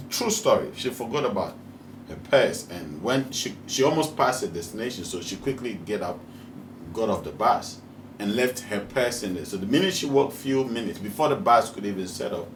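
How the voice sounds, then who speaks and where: A man's voice: lowish voice, distant mic, a little hiss or hum. A man from Ghana with a Ghanaian English accent, preaching a monologue built around stories, repeating his points with emphasis. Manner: repetitive and emphatic, rising to fervent. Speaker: spiritual teacher. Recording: roomy echoey recording.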